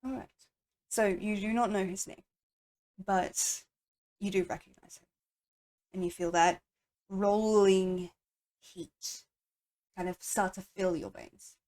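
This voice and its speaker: A woman's voice: medium pitch, steady tone, slow pace, pauses often, a little mellow. A woman from the United States narrates and runs a tabletop game on stream. She is chatty and self-deprecating, with frequent laughs between her lines. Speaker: game master.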